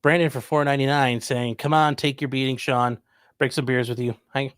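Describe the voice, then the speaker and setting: A man from Ohio, USA, hosts a livestream, casually reading viewer comments aloud and answering them with dry jokes. His voice is medium-pitched, steady, a bit bright and smooth, and a little fast, with no room sound.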